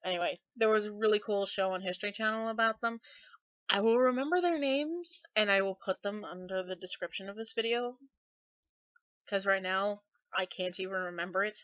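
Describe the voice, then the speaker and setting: A woman's voice: mid-range voice, fairly bright tone, no echo, lo-fi sound. A young woman from Texas talking in a casual, rambling monologue full of self-deprecating asides. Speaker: vlogger.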